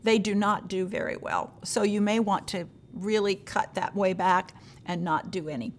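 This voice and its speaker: A woman leads a training session for teachers. She talks in a relaxed, folksy way and often pauses on an um or uh. Now and then she voices a teacher's question in a raised tone. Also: medium pitch, slight background noise. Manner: frequent fillers, gentle advice.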